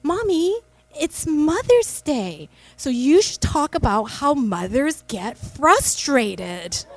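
Earnest small boy, high and drawn out, put on by a woman mid-sermon. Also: sing-song, heavily acted. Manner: high, slow, drawn-out explaining. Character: earnest seven-year-old boy explaining.

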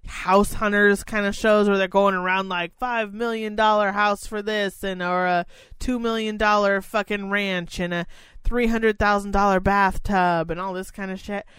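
A woman's voice: medium pitch, fairly even intonation, normal speed, fairly bright tone, clear, resonant tone, no echo. A woman co-hosting a casual podcast chat, telling a long story in a rambling, profane way. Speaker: podcast co-host.

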